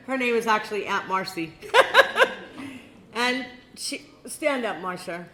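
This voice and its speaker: An older woman giving a heartfelt eulogy at a memorial gathering, reminiscing slowly and breaking into laughs. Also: medium pitch, sharp tone. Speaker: eulogy speaker. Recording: echoey hall with faint ambience.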